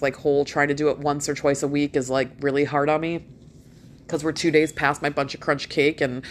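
A middle-aged woman ranting casually to her followers, blunt and profane, with laughing asides. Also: deep voice. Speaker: vlogger. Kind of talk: casual rant to camera.

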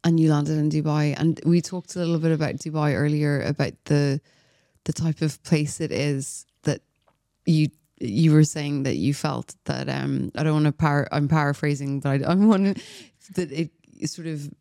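A man's voice: fairly high pitch, steady tone, normal speed, creaky, dark tone, no echo, clean studio sound. A man hosting an interview podcast, thinking aloud and searching for words as he reflects on his guest's story. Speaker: podcast host. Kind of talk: casual interview.

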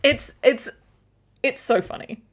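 A woman's voice: sits high, slow, slightly rough. A woman co-hosting a casual book discussion, explaining the plot enthusiastically and laughing now and then. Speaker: podcast co-host.

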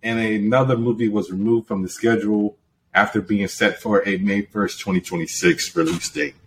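A man's voice: lowish voice, steady tone, normal speed, slight background noise. Level-headed man reading podcast news. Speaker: podcast host. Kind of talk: casual chat, reading news.

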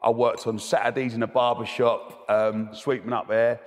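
Guy, cheeky anecdotes, mid-pitched, hall reverb on the voice. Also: level tone, moderate pace. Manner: cheeky, chatty storyteller with many restarts. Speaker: guest. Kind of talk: telling anecdotes in interview. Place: debating hall.

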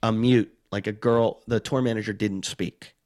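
A middle-aged man with a fairly low voice tells a long, rambling story in relaxed conversation. He mocks himself and slips into the voices of the people he quotes. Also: moderate pace. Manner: rambling, self-mocking, acts out quoted voices. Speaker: touring stand-up comic, podcast guest. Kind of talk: casual storytelling chat.

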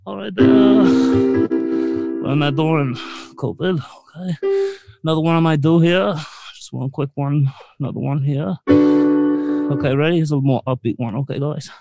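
Man doing a gravelly, rambling late-night host. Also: fairly high pitch, loud music behind the voice, poor audio. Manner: says "okay" after nearly every phrase, halting; breaks into off-key song snippets. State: short of breath. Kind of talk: comedy bit.

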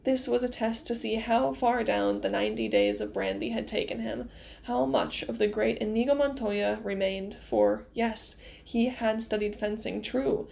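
A woman reading a novel aloud with expressive storytelling. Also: on the high side, moderate pace, vocal fry, low-quality recording. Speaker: reader.

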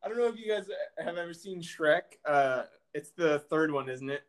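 A young man co-hosting a casual chat with friends, animated and laughing, often quoting lines in put-on voices. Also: a little high, normal speed.

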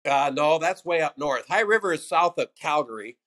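A man's voice: on the high side, normal speed. An older American stand-up comedian telling loose, salty stories from his career in a casual interview. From United States. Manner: loose, profane anecdotes with animated quoted voices.

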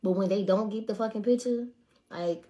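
A woman's voice: medium pitch, normal speed, dark tone. A young woman ranting to her viewers in a profane, casual way, swearing hard and repeating lines for emphasis. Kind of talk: profane casual rant to camera.

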